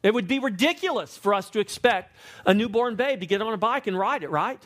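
A man preaching a sermon, emphatic, slowing to stress key words and asking the congregation questions. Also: high-pitched, animated, fairly bright tone. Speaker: pastor.

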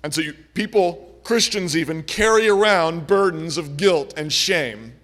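A man preaching a sermon with earnest, repetitive phrasing, swinging between forceful and hushed. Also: fairly high pitch, measured pace.

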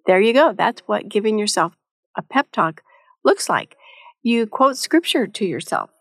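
A woman's voice: medium pitch, sing-song, measured pace, no room sound, studio quality. Middle-aged woman giving a motherly devotional talk. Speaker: Christian devotional speaker.

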